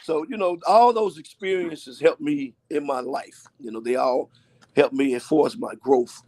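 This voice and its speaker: A high-voiced man from Ohio tells stories as an interview guest. He talks casually and acts out the lines he and others said. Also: unhurried. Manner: animated storyteller, acts out his own quotes.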